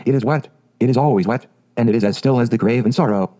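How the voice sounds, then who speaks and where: A man reading the lines of a gloomy, chatty old peasant woman in a storybook, with a dark voice. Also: medium pitch, fast, lightly acted. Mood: glum.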